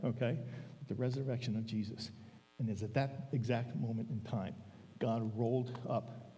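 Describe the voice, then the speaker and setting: Male preacher, relaxed conversational sermon, mellow tone, reverberant sanctuary. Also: medium pitch. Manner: conversational, frequent "all right?" check-ins; slows down for emphasis. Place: church sanctuary. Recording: long reverb of a church hall.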